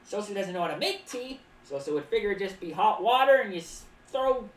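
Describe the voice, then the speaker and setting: A woman streams in clown character, rambling casually, reading chat aloud, and often referring to herself in the third person, with playful asides. Her medium-pitched voice has lively intonation and a fairly quick pace. The mic is distant, so the sound is roomy and off-mic with faint background noise.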